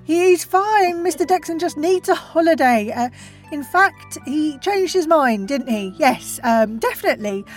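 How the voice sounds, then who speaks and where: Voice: sits high, lively intonation, measured pace, faint music behind, pitched above the performer's own voice. A game master voicing a nervous young woman campaign worker who flusters and over-reassures in a tabletop game. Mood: flustered. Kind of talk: tabletop game role-play.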